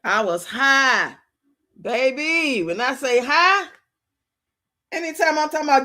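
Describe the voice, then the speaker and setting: A woman's voice: high voice, animated, measured pace, pauses often, sharp tone. A middle-aged woman hosting a livestream, chatting casually and telling stories, laughing often and acting out what people said. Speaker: livestream host. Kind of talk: casual storytelling chat.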